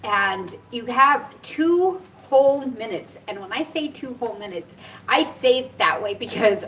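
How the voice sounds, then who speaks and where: A woman's voice: mid-range voice, fairly bright tone. A middle-aged woman vlogger chatting casually to camera, rambling and laughing often. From United States. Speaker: cannabis vlogger. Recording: from a little distance, faint background noise.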